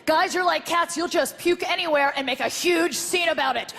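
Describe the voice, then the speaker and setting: A woman performing a brash, rapid-fire stand-up routine, talking straight to the crowd on a theatre stage. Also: extremely high pitch, vocal fry. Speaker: stand-up comedian. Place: theatre stage before a live audience. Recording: live show with loud crowd and noise.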